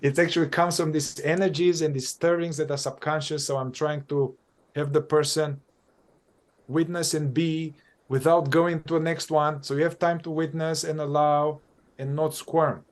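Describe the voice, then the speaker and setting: A man who works as a psychotherapist, talking through his methods in conversation, animated and thinking aloud, often repeating and restarting phrases. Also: a little high, normal speed. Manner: animated, acts out exchanges with clients. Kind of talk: conversational dialogue on spiritual practice.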